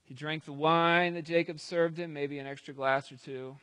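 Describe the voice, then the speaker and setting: A man's voice: on the high side, steady tone, normal speed, sharp tone, clean tone, no room sound. A man preaching, retelling a scripture story in a conversational way with casual asides. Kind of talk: storytelling sermon.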